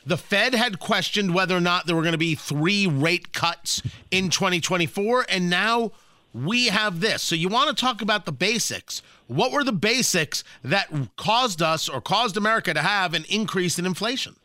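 A male talk radio host with a high, lively voice that jumps around in pitch. His tone is bright and forceful, and the sound is dry and close. He questions his guest with wry asides. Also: normal speed, dry recording.

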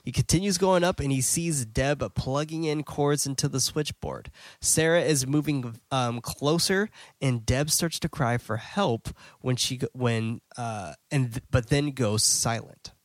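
A man hosting a podcast, recapping a film scene by scene in a loose, chatty way with plenty of fillers and quick self-corrections. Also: medium pitch, dry recording. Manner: blunt and excitable. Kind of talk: casual scene-by-scene movie recap.

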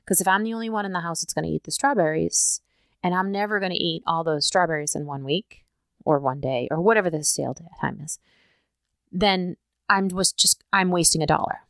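A woman's voice: on the low side, fairly quick, creaky, a bit bright, no room sound. A woman talking straight to her listeners in a casual, motivational way. She leans hard on key points and keeps asking "right?" to check they follow. The recording is dry and close, with no room sound at all. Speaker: podcast host.

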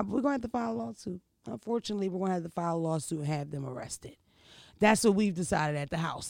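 A woman's voice: fairly low pitch, gravelly, darkish tone, no echo, clean studio sound. A woman in her thirties, a vlogger, telling stories in a blunt, profane, casual way and often checking in with the listener. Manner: blunt, profane, keeps asking "you know what I mean". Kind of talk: casual storytelling chat.

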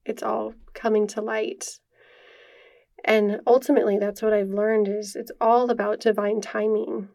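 A woman's voice: medium pitch, level tone, a little slow, gravelly, darkish tone. A young woman hosting her own podcast, speaking earnestly and emotionally, full of casual fillers, on a podcast microphone. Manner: heartfelt and earnest, many fillers. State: emotional, near tears. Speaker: podcast host. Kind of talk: personal podcast monologue.

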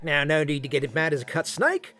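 This actor's voice is a little high, sing-song, fairly quick, bright and forceful as he portrays a cocky card hustler in a scripted audio drama. He narrates with sardonic wryness and puts on a fake Australian accent over American at the poker table.

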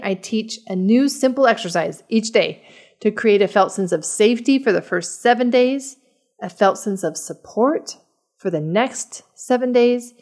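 A woman podcast host delivering scripted narration in a calm, explanatory way. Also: medium pitch.

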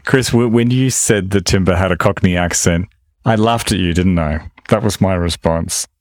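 A man's voice: sits low, moderate pace, dry recording. An Australian man co-hosting a casual interview podcast, bantering in a dry, teasing way. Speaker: podcast co-host.

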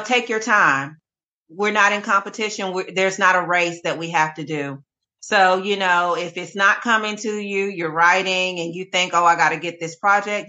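A woman gospel singer, a guest in a casual interview, talking in a calm, easygoing way. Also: lowish voice.

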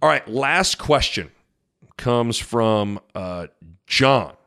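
Lively animated male podcast host. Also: mid-range voice, very slow, smooth. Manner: animated storyteller, repeats words for emphasis. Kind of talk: casual solo podcast talk.

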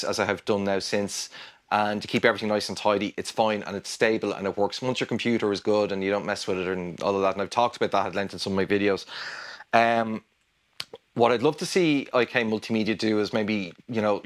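Fast-talking Irish man, rambling guest. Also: lowish voice. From Ireland. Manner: rambling and animated, with frequent restarts and laughter. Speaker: guest guitarist. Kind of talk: casual interview chat.

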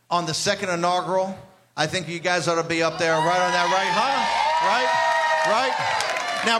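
A man hosting live interviews on a convention floor, hyping the crowd. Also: high-pitched. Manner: boisterous, hypes the crowd. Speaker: host. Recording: loud crowd and noise.

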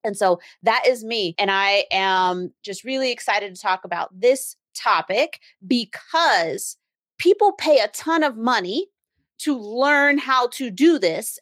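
A woman hosts a business podcast in a casual, animated solo talk, mimicking other people as she tells stories. Her voice sits a little high. The sound is dry and close. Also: slow, no room sound. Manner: animated, acts out quoted voices with big pitch jumps. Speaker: podcast host and brand strategist.

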